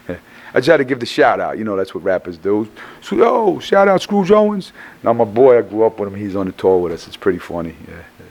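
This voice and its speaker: A middle-aged rapper gives a casual interview after a show, sounding tired and hoarse. His voice is on the low side and darkish, and he talks fast, rambling with stammered restarts and plenty of swearing.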